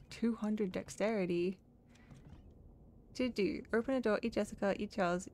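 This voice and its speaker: A woman plays through a video game, reading its narration aloud and adding playful remarks. Her mid-pitched voice has a gravelly fry, and a faint hiss sits in the background. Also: steady tone, moderate pace, pauses often, a little mellow. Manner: playful, reads game text and jokes along. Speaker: let's play host. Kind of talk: casual game playthrough with read-aloud narration.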